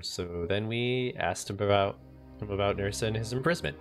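Low-voiced man reading a game story. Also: fairly quick, faint music behind. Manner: narrates with casual asides. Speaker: game streamer.

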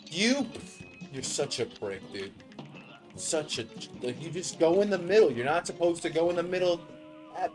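A young man giving live commentary as he plays a video game, frustrated, yelling at the boss and rambling in jokes. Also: fairly high pitch, big pitch swings, moderate pace, over music. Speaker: gamer playing a video game.

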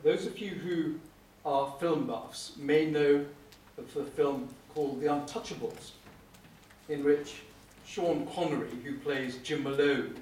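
A middle-aged man, a prosecuting barrister, giving a wry, anecdotal conference lecture with frequent "uh" pauses. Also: a little high, a little mellow. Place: lecture hall. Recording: echoey room, speaker far from mic, faint hum.

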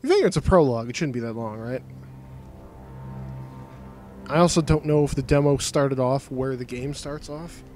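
A man's voice: medium pitch, animated, moderate pace, long pauses, a little mellow, faint music behind. Sardonic man commenting on gameplay. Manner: sardonic, profane, mumbling asides. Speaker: gameplay streamer.

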